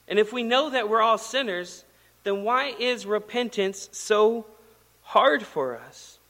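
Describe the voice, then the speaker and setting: A man preaching a sermon in a conversational, animated storytelling manner. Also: high voice, takes it slowly, long reverb tail. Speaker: pastor.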